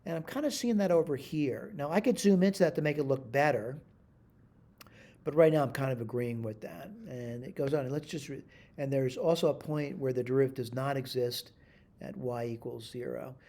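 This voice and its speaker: A man with a mellow, dark voice walks through a math problem on screen. He thinks aloud and corrects himself as he goes, checking in with "all right?", with a middling pitch. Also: brisk. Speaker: math instructor. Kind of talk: screen-recorded math tutorial.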